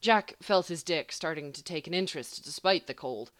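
A woman's voice: sits low, animated, moderate pace, fairly bright tone, no room sound. A woman narrating a story aloud, reading expressively. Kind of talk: audiobook-style story reading.

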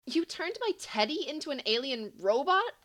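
A gentle, easily startled young woman, as a woman puts her on, her questions lifting high in disbelief. The voice sits well above the narrator's own and moves lively. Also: normal speed. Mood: incredulous. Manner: incredulous, gently earnest.

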